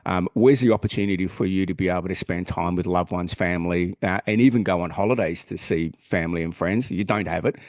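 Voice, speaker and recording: A man's voice: low-pitched, fast talker, few pauses, a little mellow, dry recording, clean studio sound. An Australian man co-hosting a podcast, talking in a blunt, earnest way and swearing freely. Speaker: podcast co-host. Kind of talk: casual chat.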